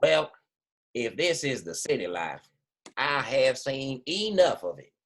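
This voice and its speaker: A man's voice: mid-range voice, big pitch swings, a little slow, a bit bright. A man voicing a plain, modest male country mouse in a storybook read-aloud, speaking in a matter-of-fact way. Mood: relieved.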